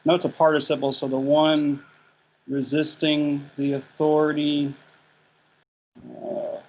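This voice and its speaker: A man in a Bible class, hesitantly translating a Greek verse. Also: fairly high pitch. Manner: slow, flat and hesitant. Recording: muffled class recording with faint noise.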